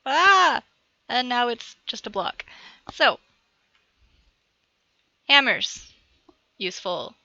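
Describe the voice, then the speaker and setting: Slow-talking bright woman rambling through a game tutorial. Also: on the high side, lively intonation, no room sound, highs cut off. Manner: chatty, self-narrating, talks aside to her cat. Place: at home at a computer.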